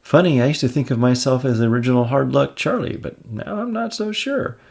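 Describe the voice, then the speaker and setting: A man's voice: medium pitch, lively intonation, a little fast, vocal fry, darkish tone, husky, voice pushed up. A man doing a teasing young college girl. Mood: playful.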